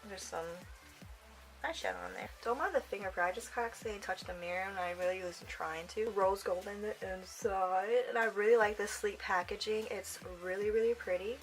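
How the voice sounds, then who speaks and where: A woman's voice: medium pitch, rough recording. A young woman giving a casual makeup tutorial, chatty and rambling, often trailing off and giggling to herself. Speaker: makeup vlogger.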